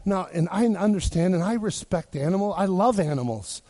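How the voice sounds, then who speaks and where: A man's voice: high voice, animated, moderate pace, dark tone. A man from Wisconsin preaching a sermon with punchy rhetorical questions and joking asides.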